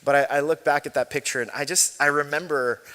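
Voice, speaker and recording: A forties-aged pastor delivers a sermon in a chatty, self-deprecating way, mixing in stories and laughter, his words ringing with long hall reverb in a church sanctuary. He speaks a little fast in a slightly high, steady voice that's clean and a bit bright.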